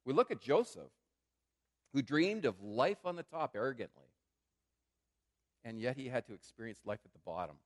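A man of ordinary, mid-range pitch gives a sermon, chatting with the congregation and calling them friends. He pushes some phrases out loud and emphatic, then drops to near-quiet asides. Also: very animated, moderate pace, pauses often. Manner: preacher who swings from loud emphasis to hushed asides; conversational, addresses listeners as friends. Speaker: pastor.

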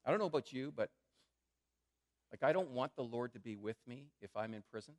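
A man of ordinary, mid-range pitch gives a sermon, chatting with the congregation and calling them friends. He pushes some phrases out loud and emphatic, then drops to near-quiet asides. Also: lively intonation, fairly quick. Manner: preacher who swings from loud emphasis to hushed asides; conversational, addresses listeners as friends. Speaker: pastor.

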